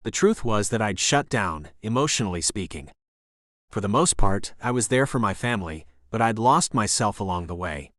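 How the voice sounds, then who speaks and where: A man narrating a romance audiobook in the first person, relaxed and easy. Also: fairly low pitch, normal speed, dry recording, clean studio sound.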